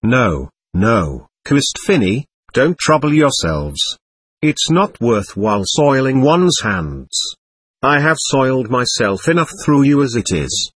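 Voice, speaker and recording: A man's voice: medium pitch, very animated, takes it slowly, breathy edge, no room sound, heavily acted. A man reading the part of a proud young man under questioning, bitter and scornful in an audiobook. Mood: defiant.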